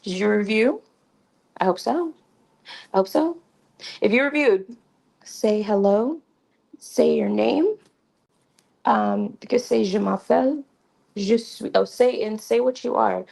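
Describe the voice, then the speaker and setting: Gravelly low-toned woman teaching on a livestream. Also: slow pace, long pauses, a little mellow, poor audio. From Creole. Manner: chatty, repeats phrases, frequent ums and restarts. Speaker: livestream host teaching basic French. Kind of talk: casual livestream lesson. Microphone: new mic with a fuzzy sound.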